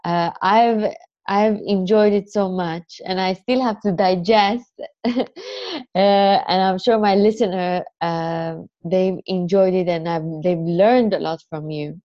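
A woman's voice: fairly low pitch, steady tone, unhurried, no echo. A woman hosting a podcast, emotional and laughing often, with hesitant, phrasing. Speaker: podcast host. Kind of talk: casual interview chat. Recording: slightly dull lo-fi sound.

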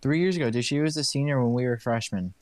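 Chill young dude chatting, dry close mic, says dude a lot. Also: male voice, medium pitch, fast talker, no room sound. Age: young adult. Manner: laid-back, swears casually, says dude. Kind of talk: casual chat.

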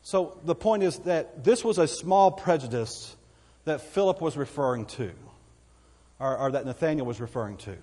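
A man's voice: on the high side, lively intonation, moderate pace, mellow, big-room sound. A man with a Texan accent preaching a sermon as pastor, folksy and conversational, with asides to the congregation. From Texas.

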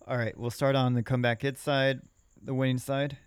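Male podcast co-host, casual score recap, smooth voice, dry sound. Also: mid-range voice, level tone, no echo. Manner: reads scores in quick list form. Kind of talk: casual fantasy football recap.

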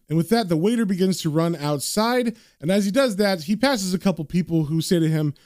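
A man casually recapping a comic issue, switching to slow, lower reading for quoted narration. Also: expressive, darkish tone, no room sound, studio quality. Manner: conversational, reads narration slowly. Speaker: comic book reviewer.

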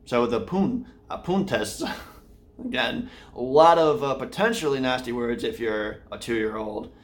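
A man's voice: mid-range voice, unhurried. A man from the Austin, Texas area hosting a casual daily vlog, rambling with many fillers and restarts. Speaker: vlogger and podcast host. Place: home room, indoors.

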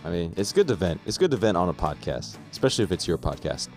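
A relaxed man hosts a podcast and chats easily. His voice is low and warm. Faint music plays behind the dry sound. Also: fast. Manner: laid-back, easygoing, laughs along. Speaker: podcast host. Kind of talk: casual podcast chat.

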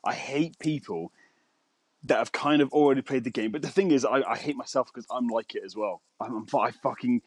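A man's voice: a little fast, no echo. A man co-hosting a podcast, rambling and swearing through casual banter. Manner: rambling, sweary, swings into high mocking voices. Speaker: podcast co-host.

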